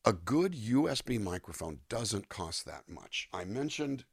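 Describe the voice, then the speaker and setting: An older man, a singer-songwriter, talking in a relaxed interview and acting out voices and melodies as he explains. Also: fairly low pitch, measured pace, vocal fry, husky, no echo. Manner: animated, demonstrates voices and melodies mid-sentence. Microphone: USB microphone.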